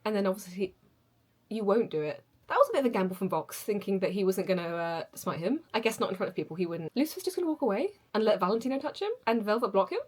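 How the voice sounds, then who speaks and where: Husky young woman gushing over a show, lots of gasps, pitch jumps all over. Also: rapid-fire, few pauses. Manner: excitable, gasping and gushing. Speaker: reaction video host. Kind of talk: casual reaction commentary.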